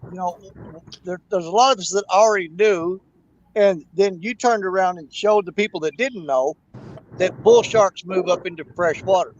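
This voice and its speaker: A man's voice: high voice, normal speed, highs cut off. A man chatting casually on a fishing live stream, telling stories animatedly and imitating gunshots. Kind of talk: casual chat. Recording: faint outdoor background noise.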